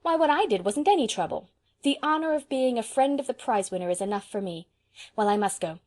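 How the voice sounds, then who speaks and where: A woman's voice: on the high side, expressive, brisk, a little mellow. A woman reading as a chattering, cheerful young woman. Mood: jubilant. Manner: eager, chattering. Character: lively young woman, proud and cheerful friend. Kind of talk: audiobook character voice.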